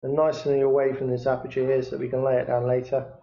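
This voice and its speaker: A man talking through a picture framing job step by step in a workshop, unhurried and hesitant, with many fillers. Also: mid-range voice, completely flat delivery. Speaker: picture framer demonstrating. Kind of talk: hands-on workshop demonstration. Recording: echoey room, dull lo-fi sound.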